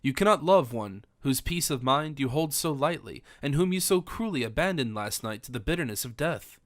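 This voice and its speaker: A man's voice: mid-range voice, lively intonation, moderate pace, no room sound, clean studio sound, close to an everyday voice. A man voicing a distraught, devout young woman in an audiobook, pleading in formal old-fashioned speech. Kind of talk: audiobook character reading.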